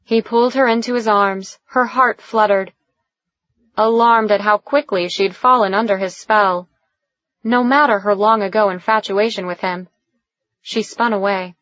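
Casting: woman romance audiobook narrator, unhurried, dry close mic, dull lo-fi sound. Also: mid-range voice, no echo. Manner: slow, even storytelling. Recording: dull, lo-fi recording.

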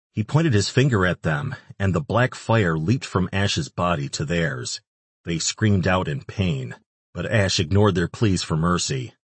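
A man reading a dark fantasy audiobook in steady, measured scripted narration. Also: low voice, slightly rough, no echo.

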